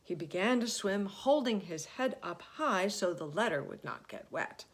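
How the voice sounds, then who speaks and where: A woman storyteller reading a children's story aloud, expressive and often dropping to a hushed whisper. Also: mid-range voice, normal speed.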